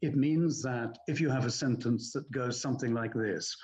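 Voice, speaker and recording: An older man, an audiobook narrator, explaining his craft in a measured, courteous, articulate way. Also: medium pitch, darkish tone, muffled recording. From England. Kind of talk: interview answers, explaining narration technique.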